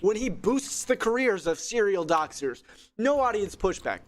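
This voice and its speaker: A man's voice: high voice, big pitch swings, normal speed. A man narrating a commentary video from a script, sarcastic and theatrical. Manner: sarcastic, theatrical, with sudden shouts.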